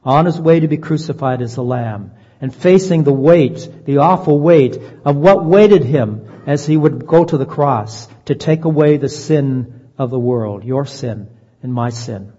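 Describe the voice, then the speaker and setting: A man's voice: on the high side, dark tone. Earnest male preacher in a reverberant hall. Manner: earnest, slows down to stress key phrases. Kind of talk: sermon. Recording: dull lo-fi sound, long reverb.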